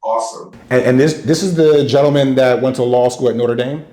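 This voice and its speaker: A man's voice: medium pitch, brisk, dark tone, roomy sound. A male interview host who talks with enthusiasm and hype, laughing often and cheering on his guest. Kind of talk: interview conversation.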